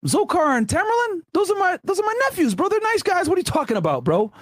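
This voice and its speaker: A man's voice: very high voice, sing-song, fast, no room sound, studio quality, pitched above the performer's own voice, heavily acted. A man putting on the voice of a startled man who protests that two suspects are his nice nephews. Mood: incredulous. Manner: loud incredulous protest.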